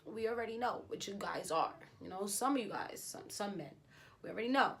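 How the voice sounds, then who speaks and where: A young woman vlogger telling a personal story in a lively, slangy, casual way. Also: medium pitch, fairly quick, vocal fry, a little hiss or hum. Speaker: beauty vlogger. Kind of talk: storytime vlog.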